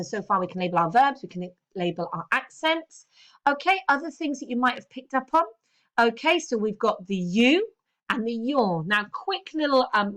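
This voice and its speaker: A woman's voice: medium pitch, fairly bright tone. Woman, English teacher, recorded lesson voice-over, step-by-step explaining, frequent "okay" check-ins.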